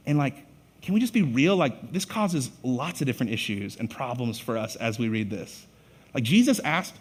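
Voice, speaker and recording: A man preaching a sermon as pastor, telling the story in an animated way and acting out the voices with loud bursts of emphasis. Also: medium pitch, fairly quick. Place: church sanctuary.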